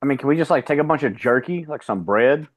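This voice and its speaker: Man, tabletop player, dry teasing tone, mid pitch. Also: expressive, fast. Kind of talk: casual game banter.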